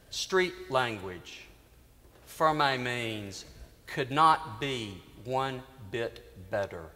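A man priest preaching a sermon in a church, telling a story earnestly with dramatic pauses. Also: mid-range voice, animated, pushed and bright. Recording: reverberant church hall.

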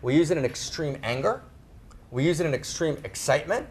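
Animated middle-aged man, fairly high voice, emphatic, peppers talk with "right?". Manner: emphatic, tags phrases with "right?", slows down to stress words. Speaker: speaker on spirituality and sexuality. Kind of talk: animated talk to a live audience.

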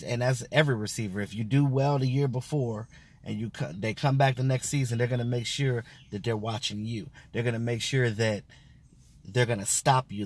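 A man's voice: medium pitch, a little mellow. A man giving a loose, rambling reaction to a sports interview, full of fillers and restarts. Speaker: sports fan vlogger. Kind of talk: casual reaction commentary.

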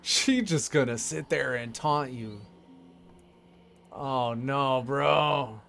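A man's voice: mid-range voice, extremely slow, creaky, fairly bright tone, soft background music. A man giving casual, rambling commentary while playing a game, laughing often and talking to himself. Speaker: gameplay streamer.

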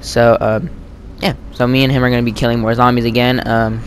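A man giving rambling, chatty let's-play commentary while gaming with a friend, full of fillers and sudden excited yelps. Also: medium pitch, brisk, slight background noise. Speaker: gamer playing co-op with a friend.

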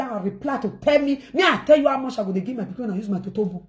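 A woman's voice: fairly high pitch, animated, very fast. A woman with a Nigerian accent talking casually to her viewers in a rambling, repetitive way, mixing in pidgin phrases.

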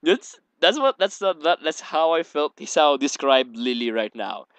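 A man's voice: on the high side, animated, moderate pace, a bit bright, smooth, no echo. A young man hosting a let's play, reading a visual novel aloud and rambling between lines with giggly asides.

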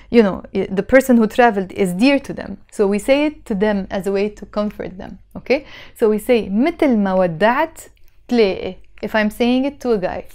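Lebanese woman teaching slowly. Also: fairly high pitch, darkish tone, smooth. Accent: Lebanese Arabic. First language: Lebanese Arabic. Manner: patient, repeats phrases slowly for learners. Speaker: language teacher. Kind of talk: explaining phrases in a language lesson.

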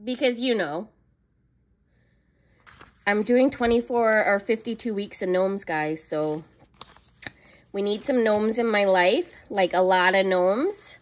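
A woman's voice: mid-range voice, slow, pauses often. A young woman chatting casually in a haul vlog, gushing and squealing over cute planner stickers. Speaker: planner vlogger.

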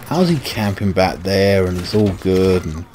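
Swearing and frustrated, a British man hosting a gaming channel rants through commentary on his own gameplay. His low voice is expressive and a bit slow, nearly swamped by the noisy gunfire and explosions of the game.

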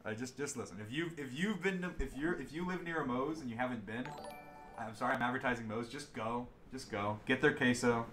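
A young man chatting casually on a livestream, rambling and restarting his sentences as he gets excited. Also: medium pitch, a little fast, soft background music. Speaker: streamer guest.

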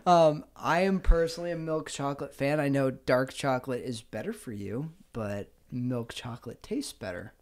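A man's voice: medium pitch, normal speed, hardly any pauses. A man chatting as a guest on a casual podcast, asking questions and chuckling. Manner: curious, asks questions, chuckles.

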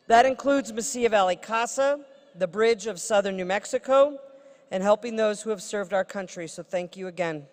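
A woman's voice: medium pitch, normal speed. Woman giving a formal award introduction in a hall. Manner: formal, with playful asides. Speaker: state senator presenting an honorary degree. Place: large ceremony hall. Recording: reverberant ceremony hall.

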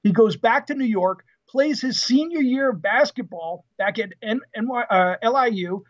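A man in his fifties, a retired Marine officer being interviewed, telling anecdotes in a lively, casual way with fillers and laughs. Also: extremely high pitch, normal speed. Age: 50s. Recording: dull lo-fi podcast audio.

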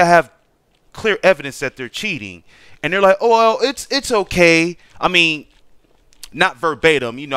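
A man's voice: fairly high pitch, bright, forceful tone, smooth, no room sound. A young man ranting profanely over his gameplay as a gaming streamer. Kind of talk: casual gameplay commentary.

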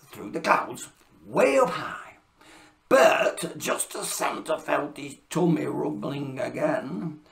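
A woman narrating a children's story in a playful, expressive voice, host of her own reading channel. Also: low voice, gravelly.

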